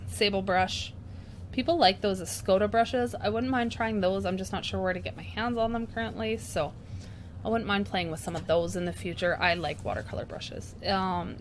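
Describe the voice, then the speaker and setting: A woman's voice: medium pitch, a little hiss or hum. A woman hosting a painting tutorial at her craft desk, chatty and self-mocking as she works, breaking into laughter. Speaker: craft channel host.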